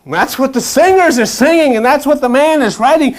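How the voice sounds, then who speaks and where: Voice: sits high, expressive, a little fast. Blunt, impassioned preacher with earthy slang. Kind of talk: impassioned sermon.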